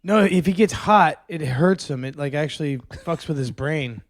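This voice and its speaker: A man's voice: a little high, normal speed, no echo, studio quality. A man on a casual podcast who swears a lot and laughs while he talks. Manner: crude, laughing, swears often. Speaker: podcast co-host. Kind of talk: casual banter.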